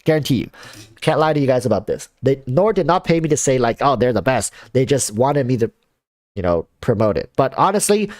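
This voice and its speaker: Animated rambling male streamer. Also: medium pitch, brisk, dry recording, clean studio sound. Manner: rambling, animated, many fillers and restarts. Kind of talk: casual livestream chat.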